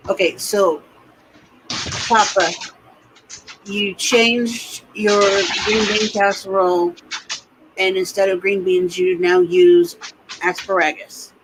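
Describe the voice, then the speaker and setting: High-voiced man chiming in. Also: flat delivery, slow pace, long pauses, noisy background. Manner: brief agreeing interjections. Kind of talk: casual chat.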